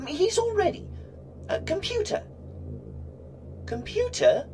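A man's voice: very high-pitched, huge pitch swings, slow pace, darkish tone, slight background noise, full character voice. A man voicing a timid, polite male engineer robot who stammers and hesitates, in a comedy audio drama.

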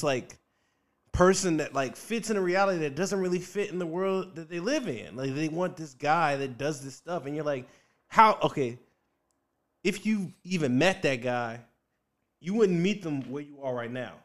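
A young male comedian, a guest on a podcast, talking in a rambling casual way with many fillers and frequent laughs. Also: fairly high pitch.

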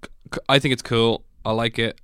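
A man's voice: medium pitch, flat delivery, fairly quick, fairly bright tone, smooth, no echo, studio quality. A man co-hosting a podcast, bantering and swearing in casual chat. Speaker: podcast co-host.

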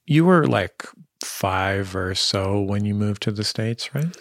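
A man's voice: fairly low pitch, expressive, slow, dry recording, studio quality. A man interviewing a guest in a curious, casual manner, peppered with fillers. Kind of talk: conversational interview.

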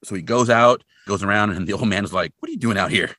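A man's voice: lowish voice, fast, sharp tone. A man co-hosting a casual podcast, animatedly retelling a film scene and acting out the characters' lines. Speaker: podcast co-host. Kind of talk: casual chat recapping a film.

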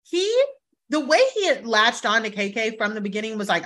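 A bright, crisp woman's voice pitched a little high, hosting a casual podcast chat. She talks bluntly and emphatically, swears freely, and acts out the lines of the people she talks about. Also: expressive, a little fast. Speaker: podcast host.

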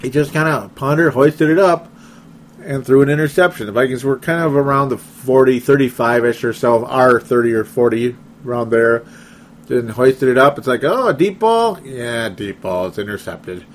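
A man's voice: medium pitch, moderate pace, slight background noise. Chatty man hosting a sports podcast. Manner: chatty, self-deprecating, laughs often. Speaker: podcast host reading listener comments. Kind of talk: casual sports talk show.

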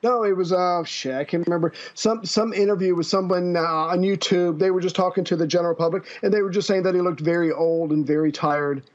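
A man's voice: sits high, steady tone, fairly quick, few pauses. A man co-hosting a podcast, chatting casually about history and often stopping to restart his sentences. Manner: hesitant, many fillers and restarts. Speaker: podcast co-host. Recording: dull lo-fi recording.

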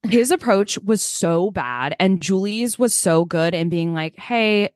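A woman co-hosting a podcast with a slightly low voice. She sounds dry and close to the mic. She talks casually and fills her sentences with "like.". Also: expressive, a little slow, a little mellow, dry recording. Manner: filler-heavy, says "like" constantly. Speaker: podcast co-host. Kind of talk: casual chat.

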